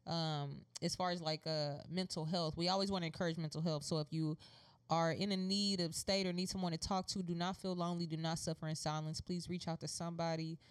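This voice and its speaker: An American woman co-hosting a relaxed talk show, chatty and teasing, laughing easily between points. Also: fairly low pitch, a little fast, clear, resonant tone. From United States. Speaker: podcast co-host. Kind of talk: casual chat.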